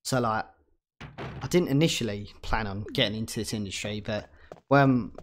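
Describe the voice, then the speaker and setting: A man's voice: fairly low pitch, moderate pace, slight background noise. A young man with a southern English accent, chatting casually and rambling while streaming a game, swearing often. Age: young adult.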